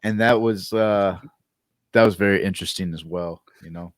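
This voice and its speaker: A man's voice: deep voice, normal speed, dry recording, clean studio sound. A man co-hosting a casual movie podcast, laid-back and hesitant, with many fillers. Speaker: podcast co-host.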